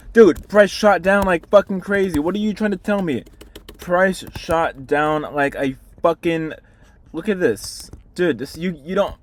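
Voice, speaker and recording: Young man angrily lecturing himself. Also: a little high. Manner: frustrated, berating himself in second person, heavy swearing. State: hungry. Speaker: day trader. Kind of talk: self-talk video diary.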